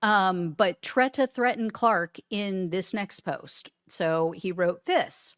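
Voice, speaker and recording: A woman's voice: mid-range voice, slow pace, few pauses, a bit bright, no echo, clean studio sound. A woman hosting casual political commentary, sarcastic and blunt, with casual swearing as she reads posts aloud.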